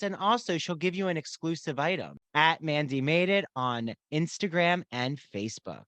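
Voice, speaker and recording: A male podcast host reads sponsor spots in an upbeat, eager way. His voice sits a little high for a man. The sound is dry and close to the mic. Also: a bit bright, no room sound. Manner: upbeat, enthusiastic promotional delivery. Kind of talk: read podcast ad.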